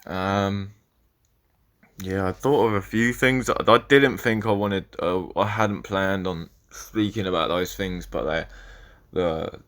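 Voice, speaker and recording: Rambling, profane young man, low voice. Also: slow, fairly bright tone. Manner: rambling, profane, self-interrupting. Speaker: podcast host. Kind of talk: solo podcast monologue.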